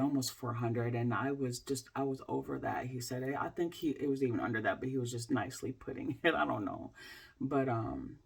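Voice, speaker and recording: A woman in her forties, a health coach, telling a candid personal story to camera in a halting way, with many fillers and restarts. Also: very deep voice, vocal fry, slightly rough. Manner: candid, speaks in plain everyday terms.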